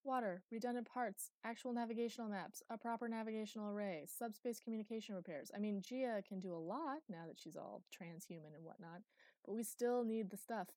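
A woman voicing a sarcastic, sulky young male pilot in an audiobook, pitched up and whiny. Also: fairly quick, a little mellow, no echo, close to an everyday voice. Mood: snarky.

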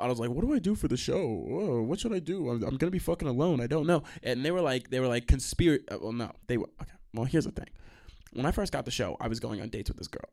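A young man hosts a solo storytime podcast. He swears constantly and jumps from one tangent to the next. His voice sits slightly high for a man. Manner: profane, animated, sidetracked storytelling. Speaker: podcast host.

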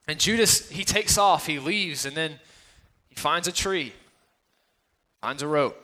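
A man's voice: a little high, measured pace, pauses often, pushed and bright. A man preaching a casual sermon, talking conversationally with many fillers and acting out the quotes of the people in the story.

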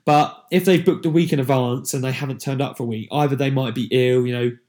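A man's voice: medium pitch, fairly even intonation, brisk, a little mellow. A man, a fitness coach giving a chatty, rambling motivational talk to camera, digressing and joking about himself.

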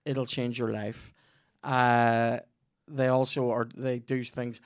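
A man's voice: medium pitch, flat delivery, slow pace, dry recording, studio quality. A Northern Irish man hosting a podcast, rambling through a profane, jokey sponsor read. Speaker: podcast host. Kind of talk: sweary comedic ad read.

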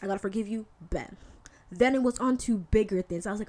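A woman hosting a podcast and giving a casual faith talk monologue, candid and animated, with slangy asides. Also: mid-range voice, normal speed. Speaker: podcast host.

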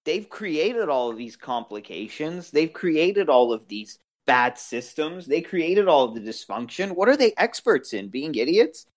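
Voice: mid-range voice, big pitch swings, measured pace, few pauses. A podcast panelist in a casual group discussion, talking animatedly with many stammered restarts.

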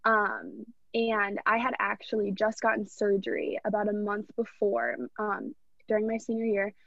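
Young adult woman, podcast guest, mid-pitched voice, earnest and rambling as she shares a story, muffled dry sound. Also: normal speed, creaky, fairly bright tone, no echo. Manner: earnest, rambling, heartfelt retelling. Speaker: podcast guest, college athlete. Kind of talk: casual personal storytelling. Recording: dull, dry lo-fi recording.

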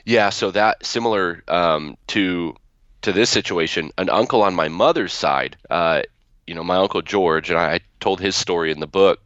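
A man being interviewed, recounting his family story in a measured way with hesitant fillers. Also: low-pitched, fairly bright tone, dry recording, muffled recording. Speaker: guest, author.

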